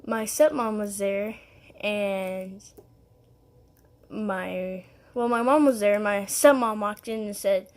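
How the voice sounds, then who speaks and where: A woman's voice: medium pitch, measured pace. A young woman telling a story to her vlog viewers in a rambling, casual way, full of "like" and "um" and little laughs. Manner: rambling, heavy on "like" and "um", giggly. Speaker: vlogger.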